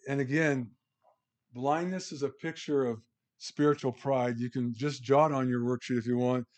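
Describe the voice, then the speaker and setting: A man's voice: mid-range voice, fairly even intonation, normal speed, a little mellow. A middle-aged man leading a Bible study from a worksheet, talking conversationally, restarting sentences and reading scripture aloud with emphasis.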